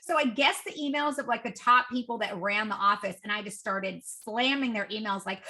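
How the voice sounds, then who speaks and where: A woman in her forties with a bright, forward tone, chatting as a podcast guest. She tells her stories with energy and slips into the voices of the people in them, raising her pitch for quoted lines. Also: normal speed, few pauses. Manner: lively, acts out quoted dialogue with raised pitch. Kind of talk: casual interview storytelling.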